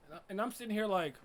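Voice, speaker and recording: A man giving a casual reaction commentary as a streamer, laughing and swearing with loud frustrated outbursts. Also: high-pitched, slight background noise. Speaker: streamer reacting to an anime episode.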